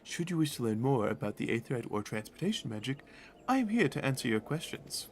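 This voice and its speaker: A man voicing a poised female game guide, reading her lines in a formal tone, with a gravelly edge. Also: mid-range voice, sing-song, fast. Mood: informative.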